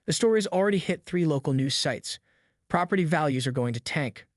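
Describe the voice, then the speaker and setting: Condescending wealthy attorney, read by a man, slightly high voice, dry. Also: animated, fairly quick, no room sound, close to an everyday voice. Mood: urgent.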